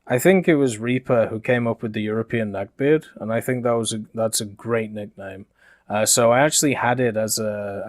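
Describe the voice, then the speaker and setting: A man with a softened middle-class British accent talks through a gaming commentary in a loose, rambling way, leaning on "uh" as he thinks. His voice sits in an ordinary middle range. The recording is close and dry, with no room sound. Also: medium pitch, dry recording. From Yorkshire, England. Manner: conversational and rambling, frequent uh fillers. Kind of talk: casual spoken commentary.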